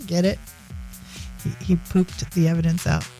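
A woman's voice: on the low side, wildly swooping pitch, a little slow, mellow, faint music behind. A woman hosting a radio show, telling a story in a playful, mocking way and laughing at her own jokes. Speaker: radio host. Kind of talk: casual radio chat.

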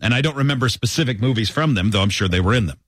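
A man's voice: medium pitch, animated, racing, fairly bright tone, slightly rough, dry recording. A man hosts a casual radio guessing game, his voice swinging up and down as he teases the others. He is recorded close and dry in a studio booth. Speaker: radio show host running a guessing game.

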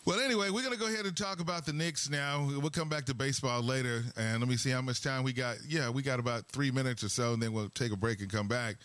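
A man hosting a casual sports talk show in a relaxed way, steering the conversation between topics. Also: medium pitch, fast, hardly any pauses, no room sound.

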